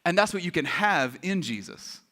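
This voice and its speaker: A man's voice: sits high, normal speed. A man preaching a sermon as pastor, joking and acting out quotes with lots of energy. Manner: animated, joking, acts out quotes. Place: church.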